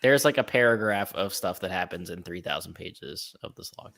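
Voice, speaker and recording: A man's voice: low-pitched, normal speed, creaky, a bit bright. A man co-hosting a casual book chat, blunt and teasing with dry asides. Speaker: book video host.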